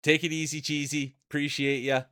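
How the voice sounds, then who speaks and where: A man's voice: on the high side, level tone, fairly quick, pushed and bright. A man with a Canadian accent giving chatty play-by-play commentary on a live stream. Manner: chatty play-by-play with frequent laughs.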